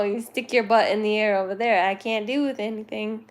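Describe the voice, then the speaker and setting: A woman's voice: medium pitch, steady tone, fairly quick. A young woman hosting a cat rescue livestream, chatting casually with viewers in a playful, giggly, rambling way.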